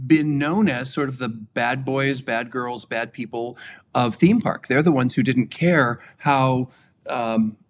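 A man co-hosting a podcast, talking in a measured way with many hesitations and fillers. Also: mid-range voice, a little hiss or hum. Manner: hedging, filler-heavy, measured. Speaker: podcast co-host. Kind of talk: casual discussion.

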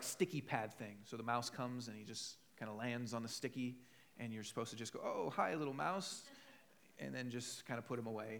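A man's voice: mid-range voice, fairly bright tone. A man preaching a sermon in a conversational, storytelling way, acting out quoted voices. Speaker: pastor.

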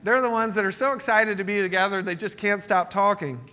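Bright-voiced storytelling pastor. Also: male voice, high voice, brisk. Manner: storytelling, joking, animated. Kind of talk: sermon. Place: church meeting space.

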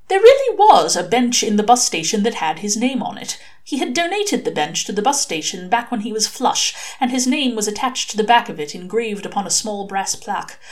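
Expressive woman reading a story aloud. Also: medium pitch. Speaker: reader. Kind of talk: audiobook reading of a short story.

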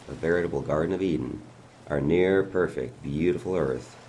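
Deep-voiced guy reading a story, calm creepy taunting tone, faint hiss behind. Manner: calm, menacing, mocking. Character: pediatrician father taunting a bound governor. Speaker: narrator of a dramatic monologue.

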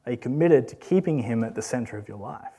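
A man's voice: medium pitch, lively intonation, fast talker, mellow, breathy edge. A man giving an earnest, conversational sermon full of rhetorical questions. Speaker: preacher.

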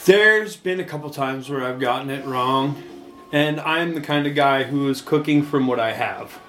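A man hosting a casual chat, joking loosely, swearing often and giving shout-outs to friends. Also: medium pitch, moderate pace, soft background music. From Canada. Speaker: podcast host.

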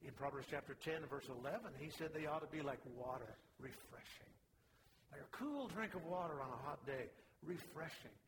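A man's voice: on the high side, animated, normal speed, in a large hall, noisy background. A man preaching a sermon in a folksy, conversational way, with small personal asides. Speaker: pastor.

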